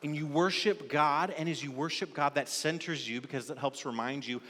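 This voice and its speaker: Pastor preaching in a reverberant church. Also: male voice, fairly high pitch, normal speed, bright, forceful tone. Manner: storytelling, acting out characters in an illustration. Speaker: lead pastor. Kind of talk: sermon. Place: church sanctuary.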